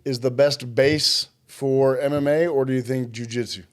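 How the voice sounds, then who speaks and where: A man hosting a podcast, asking questions in a relaxed way with dry jokes. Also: mid-range voice, moderate pace. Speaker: podcast host. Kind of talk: casual interview chat.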